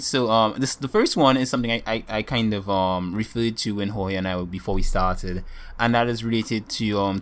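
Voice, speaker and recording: Man, lowish voice, casual podcast chat, rambling, halting, filler-heavy. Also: fairly bright tone. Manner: rambling, halting, full of ums and restarts. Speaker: podcast co-host.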